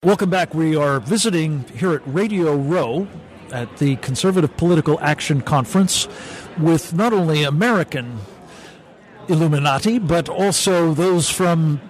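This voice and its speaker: A man hosting a radio interview at a convention, speaking deliberately with frequent pauses. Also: fairly high pitch. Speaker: radio host. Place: radio row at a political convention.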